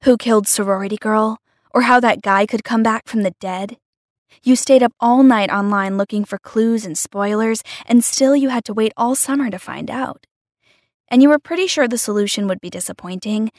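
A woman's voice: on the high side, no room sound, studio quality. A woman narrating a first-person story in a casual, wry, conversational way.

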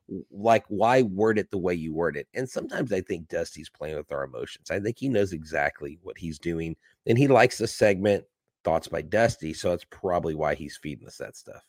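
A man's voice: low-pitched, moderate pace, dry recording, studio quality. A man co-hosting a casual sports podcast, joking and teasing his partner. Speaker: podcast co-host.

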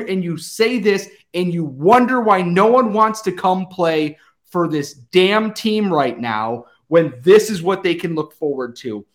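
Furious high-voiced man ranting. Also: fairly bright tone. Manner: furious, emphatic, swearing. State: out of breath. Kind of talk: angry sports rant.

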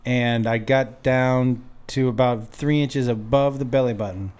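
A man's voice: medium pitch, a little slow, smooth. A man telling a comic story in a casual chat, laughing often and acting out the quotes. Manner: animated, laughs through his stories, acts out quotes.

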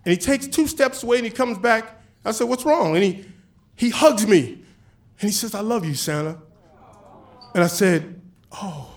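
A man telling a personal story on stage, animated and casual, acting out the dialogue. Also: very high voice, normal speed. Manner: animated, acts out dialogue with voices; casual, chatty with swearing.

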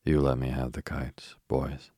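A man voicing a caring older girl, the eldest sister, gently worried and coaxing. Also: extremely low pitch, completely flat delivery, unhurried, husky, no echo, studio quality, heavily acted.

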